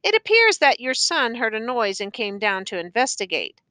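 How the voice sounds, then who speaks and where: A woman narrator gives voice to a dutiful police captain who speaks with careful, formal gravity. The reading is bright and close, with a dry sound. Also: on the high side, sing-song, normal speed, dry recording. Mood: grave, formal. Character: formal police captain, man, respectful and grave.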